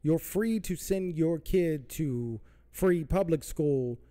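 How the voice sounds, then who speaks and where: A man's voice: a little high, animated, slow, dark tone. A man hosting a podcast, ranting heatedly about politics with lots of profanity and repetition. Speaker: podcast host. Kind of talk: political rant. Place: Southern California.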